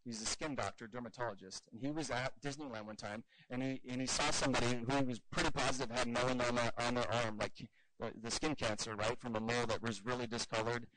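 A man teaching evangelism in an earnest, animated way, telling stories and acting out the dialogue. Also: mid-range voice, fast, noisy background. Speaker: evangelism trainer.

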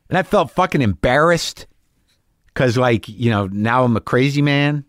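A man's voice: medium pitch, expressive, normal speed, no echo, studio quality. A middle-aged man, a stand-up comic and host, telling a candid, profane story and acting out both sides of an argument.

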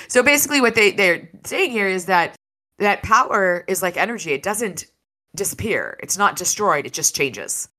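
A woman hosting a casual book club podcast, chatting in a lively way and reading passages aloud between comments. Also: medium pitch, moderate pace. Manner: lively and chatty, laughs easily.

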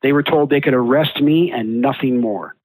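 A man's voice: mid-range voice, moderate pace, slight background noise, rough recording. Indignant man recounting an injustice. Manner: heated, quotes himself and others forcefully. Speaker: interviewee. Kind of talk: indignant first-person account.

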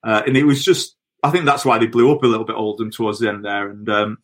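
A middle-aged former footballer tells anecdotes on a podcast, chatting away and laughing through his stories. His voice sits on the low side with a steady tone, and he talks fast.

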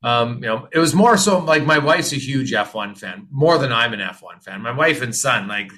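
A man's voice: mid-range voice, lively intonation, moderate pace, bright, forceful tone. A middle-aged Canadian man, a guest on a sports podcast, answering in a friendly, rambling way. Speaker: hockey journalist guest. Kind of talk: casual interview answers.

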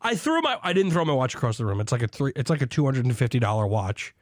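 A man hosting a beer podcast alone, drinking as he talks, hyped and swearing, swinging between shouted zeal and low asides. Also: very animated, fast talker, no echo, studio quality. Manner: swears, mock preacher zeal. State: drinking beer while talking. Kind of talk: excited solo podcast monologue.

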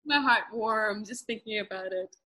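A woman's voice: mid-range voice, normal speed, very noisy. A woman in casual conversation, reacting with affectionate, gushing enthusiasm.

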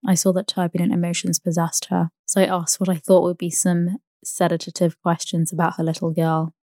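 A woman reads a classic novel aloud as a bedtime sleep story. Her voice sits low and soft, and her reading is even and unhurried. The recording is close and dry, with no room sound. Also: dry recording. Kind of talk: calm scripted book reading.

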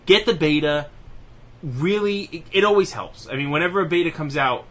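A young man co-hosting a gaming podcast, rattling off specs in a quick, profane, joking casual chat. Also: fairly high pitch. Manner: rapid, profane, laughing reading of spec lists. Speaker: podcast co-host.

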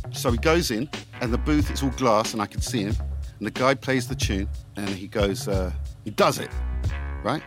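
A man's voice: mid-range voice, normal speed, over music. A middle-aged man, a podcast guest, telling anecdotes with gusto, swearing freely and acting out the scenes he describes.

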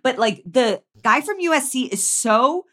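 A woman's voice: high voice, big pitch swings, unhurried, a bit bright. A woman co-hosts a podcast, chatting through a show's plot. She sounds exasperated and conversational. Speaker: podcast co-host. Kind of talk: casual chat recapping a TV show.

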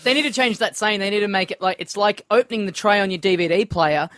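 A man in casual podcast chat, adding deadpan joking asides. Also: sits high, quick pace.

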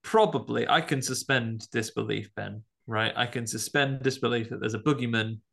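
A man with a gravelly, creaky voice, co-hosting a podcast. He talks in a relaxed, jokey way and now and then jumps up into high, animated outbursts. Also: normal speed. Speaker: podcast co-host. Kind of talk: casual chat.

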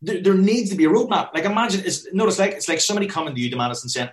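A man's voice: a little high, racing, few pauses. A man talking as a fitness business coach in a casual chat, blunt and swearing often, acting out bits of dialogue.

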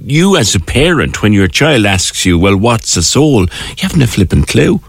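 A man's voice: fairly low pitch, very animated, moderate pace, vocal fry, a little hiss or hum. A man hosting a casual radio chat, conversational and colloquial. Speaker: radio host.

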